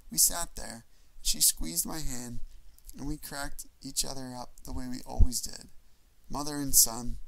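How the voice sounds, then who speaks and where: Hombre que lee unas memorias en audiolibro, voz rasposa, tono medio, lectura pausada. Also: male voice, mid-range voice, pushed and bright, low-quality recording. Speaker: audiobook reader. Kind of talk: memoir audiobook narration.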